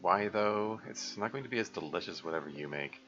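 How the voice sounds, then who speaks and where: A man's voice: low-pitched, expressive, a little fast, a bit bright, highs cut off, soft background music. A man voicing a shy, clumsy young female zombie who stammers and hesitates. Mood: self-deprecating.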